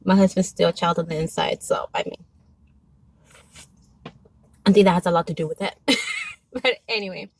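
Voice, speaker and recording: A woman's voice: fairly low pitch, normal speed, pauses often, breathy edge, rough recording. A young mother telling a story in a chatty, exasperated, casual rant. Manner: chatty, exasperated, with quoted asides. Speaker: vlogger and mother.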